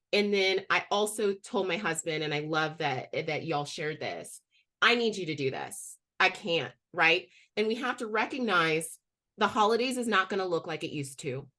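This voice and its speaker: A woman's voice: lowish voice, sharp tone. A woman on a webinar speaking in a candid, emotional way. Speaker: webinar co-host. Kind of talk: personal story on a webinar.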